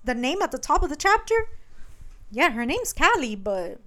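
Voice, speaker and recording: A woman co-hosting a casual podcast who retells a book's plot with lively laughs and swearing. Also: high voice, normal speed, slight background noise. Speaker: podcast co-host. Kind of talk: casual book discussion.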